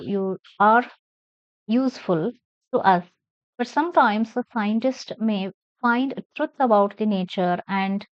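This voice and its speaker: Lady teacher going letter by letter thru words, higherish voice, dry dull sound. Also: darkish tone, no echo. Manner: slow and deliberate, spells words letter by letter and stresses syllables. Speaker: English teacher. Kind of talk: classroom lesson, spelling words out and reading aloud.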